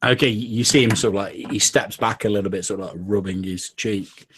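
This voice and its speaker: A man's voice: on the low side, steady tone, brisk, fairly bright tone, slight background noise. A man narrating a tabletop game as game master in a casual, filler-heavy way.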